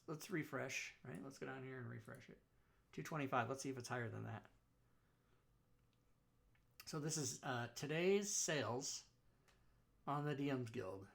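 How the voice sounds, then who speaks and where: A man's voice: medium pitch, creaky, a bit bright. A man hosting a casual livestream talk show, chatting loosely with his viewers, running raffles and rambling between jokes. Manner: loose, rambling, joking with chat.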